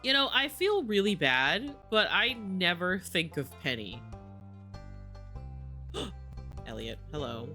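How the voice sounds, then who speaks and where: A playful male streamer chats through his game in a bright, ringing voice that sits a little high. Soft game music plays faintly underneath. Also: big pitch swings, slow, pauses often. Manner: chatty, playful, gushing asides. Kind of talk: casual gameplay commentary.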